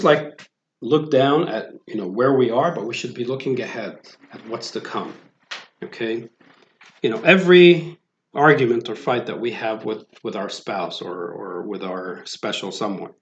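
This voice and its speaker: A man giving a sermon, talking in a conversational way with many fillers and restarts. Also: medium pitch. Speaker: preacher. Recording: roomy, dull lo-fi sound.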